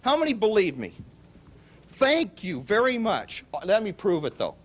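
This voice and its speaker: A man giving a motivational real estate seminar pitch to a live audience, telling stories and acting out both sides of the dialogue. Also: moderate pace. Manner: animated storytelling, acts out both sides of dialogue. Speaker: seminar speaker.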